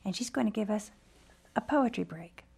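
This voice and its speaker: Woman interview host, mid pitch, brisk and playful. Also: expressive, creaky, a little mellow, slightly rough.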